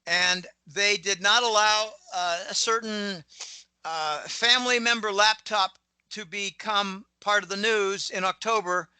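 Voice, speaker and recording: A middle-aged man from Pittsburgh with a plain American accent, talking as a guest commentator in a rambling, opinionated way and often clearing his throat. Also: high-pitched, unhurried, bright, forceful tone, dry recording, low-quality recording. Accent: General American, lost his Pittsburgh accent. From Pittsburgh, USA. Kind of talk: casual interview monologue.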